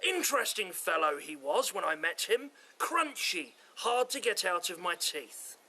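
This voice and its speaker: A man's voice: high-pitched, sing-song, unhurried, pushed and bright, full character voice. A man doing a gloating wicked dragon. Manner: mocking, relishing.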